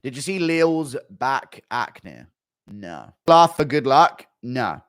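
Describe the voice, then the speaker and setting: A man's voice: mid-range voice, sing-song, slow pace, clean tone, no echo, studio quality. A man streaming, reading out donations in a blunt, profane, rambling way. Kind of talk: casual chat reading donations.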